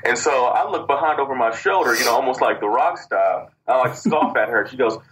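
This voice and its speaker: Boastful trash-talking wrestler, bright voice. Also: male voice, mid-range voice, expressive, brisk, a little hiss or hum, rough recording. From Cleveland, Ohio. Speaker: wrestler guest. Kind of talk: casual interview storytelling.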